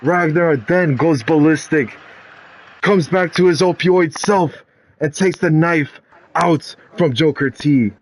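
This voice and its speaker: Excitable man narrating wrestling action. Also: on the high side, slow pace, a little hiss or hum. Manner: excitable, builds to loud climaxes. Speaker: narrator of a wrestling game storyline. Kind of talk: dramatic play-by-play story narration.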